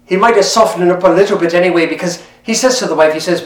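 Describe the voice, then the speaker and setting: A man's voice: high voice, quick pace, hardly any pauses. A man telling a folk tale in a lilting, conversational way, talking straight to the listener. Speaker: storyteller. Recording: roomy, mic at a distance.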